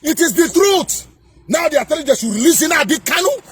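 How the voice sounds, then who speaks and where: A man with a Nigerian accent delivering a heated political rant to camera, repeating himself and often shouting. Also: very high voice, big pitch swings, fairly quick. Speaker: political commentator.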